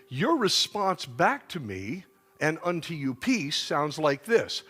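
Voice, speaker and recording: A man's voice: a little high, lively intonation, moderate pace, a bit bright. A male pastor preaching at a church dinner, teaching and leading the people in call-and-response.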